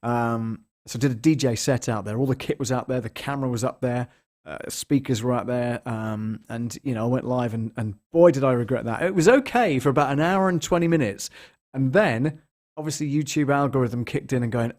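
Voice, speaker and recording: A man's voice: medium pitch, moderate pace, darkish tone. A man hosting a casual live stream from a bare apartment lounge, chatty and rambling, greeting viewers by name with lots of ums. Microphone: large studio microphone, moved around at times.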